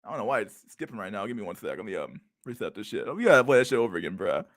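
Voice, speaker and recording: A man's voice: fairly low pitch, sing-song, racing, fairly bright tone, no echo, studio quality. A man streaming casual reaction commentary on videos, with crude slang, frequent laughter, and a habit of calling his viewers dog and bro.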